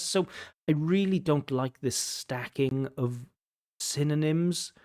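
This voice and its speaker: A man's voice: a little high, animated, darkish tone. A man giving an examiner's commentary on a speaking test, explaining mistakes and repeating words for emphasis. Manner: emphatic, repeats for stress, slows down to make points. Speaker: IELTS examiner and teacher.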